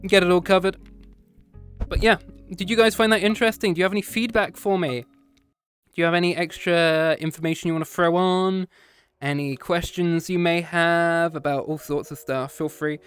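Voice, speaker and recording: A man's voice: fairly high pitch, fairly even intonation, moderate pace, fairly bright tone, smooth, faint music behind. A man streaming a casual chat with his viewers after a history lesson, playful and teasing, often slipping into meows and growls.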